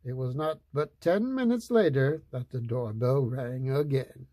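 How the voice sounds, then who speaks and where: Storyteller: a man, playful read-aloud, slow, dry close mic. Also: medium pitch, mellow, no echo. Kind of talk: reading a picture book aloud.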